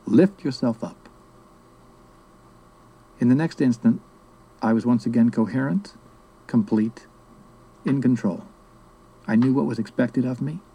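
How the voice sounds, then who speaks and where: A man reading a memoir-style story as narrator, in a measured, reflective way. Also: medium pitch, warm tone, breathy edge, rough recording. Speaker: audiobook narrator. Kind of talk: scripted narration.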